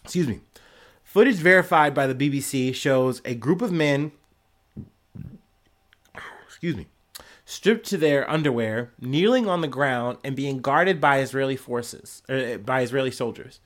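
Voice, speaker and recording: A man's voice: medium pitch, measured pace, long pauses, fairly bright tone. A man hosting a news podcast, ranting casually and sarcastically with lots of swearing and mocking put-on voices. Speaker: podcast host.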